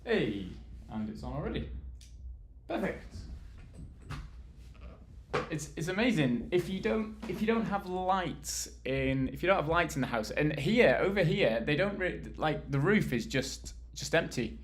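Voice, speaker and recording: A man's voice: on the high side, lively intonation, unhurried, slight background noise. A British man from the UK chatting casually with viewers on a live stream, rambling and laughing easily while he assembles furniture and moves around. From United Kingdom.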